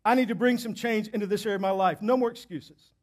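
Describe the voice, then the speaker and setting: A pastor delivers a church sermon in a high-pitched voice at a quick pace. He's emphatic, hammering his key points repeatedly and swinging between loud and hushed delivery.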